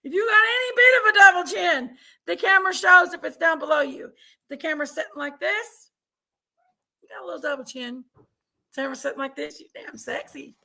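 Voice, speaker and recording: A woman hosting a casual livestream chat from home on a webcam mic, loud, laughing and bawdy. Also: very high voice, animated, brisk, vocal fry. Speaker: livestream host. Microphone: computer webcam mic.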